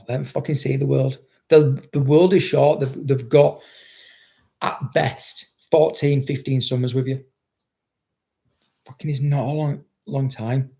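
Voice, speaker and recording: A man's voice: mid-range voice, vocal fry, mellow. A man, a dog trainer, chatting casually on a livestream and reading out viewer comments, blunt and swearing constantly as he rambles.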